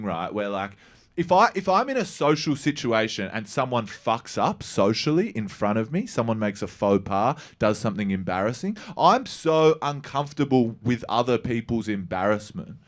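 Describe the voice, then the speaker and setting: A man's voice: medium pitch, sing-song, normal speed. A man, telling a rambling, profane stand-up story to a live audience. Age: 30s. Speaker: stand-up comedian. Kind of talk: stand-up set. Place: comedy venue with live audience.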